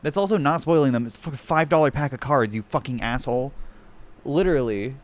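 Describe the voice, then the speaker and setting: A man's voice: mid-range voice, fast talker. A man streaming, reacting with sarcastic, profanity-laden mockery in casual commentary. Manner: profane, mocking, sarcastic rants.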